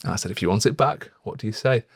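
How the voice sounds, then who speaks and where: Low-voiced man, reflective. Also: animated, fast talker, creaky, no echo, clean studio sound. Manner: earnest, reflective storytelling with frequent fillers. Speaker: podcast co-host. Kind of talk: casual chat.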